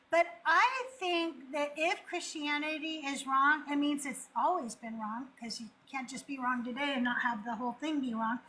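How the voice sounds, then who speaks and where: This is a woman hosting a live call-in show and inviting callers up to talk. Her voice is high and bright. She tells personal stories frankly and laughs along the way. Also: moderate pace, low-quality recording. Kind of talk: casual livestream chat.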